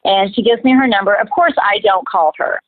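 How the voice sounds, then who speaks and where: A woman's voice: mid-range voice, brisk, no room sound. Woman telling her story over a tinny line. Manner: earnest storytelling, acts out quoted voices. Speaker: interview guest, minister. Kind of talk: personal testimony in conversation. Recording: tinny phone-like line, dry.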